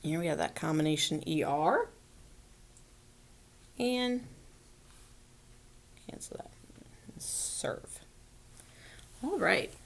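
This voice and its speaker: Low and gravelly yet very animated, this woman's voice moves slowly with long pauses as she leads a children's phonics lesson. She is patient, breaks everything into steps, and regularly asks "right?" to check in.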